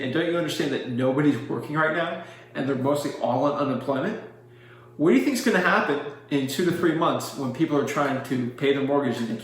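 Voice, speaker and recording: A man coaching on real estate wholesaling, direct and salesy, acting out his rehearsed pitch lines. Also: slight background noise. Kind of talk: instructional talk with sample sales pitches. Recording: very echoey room.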